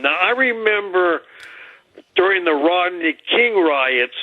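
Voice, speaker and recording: A male caller to a radio show, speaking slowly and angrily. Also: high voice, dry recording. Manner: slow, angry. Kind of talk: radio call-in. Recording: tinny phone line.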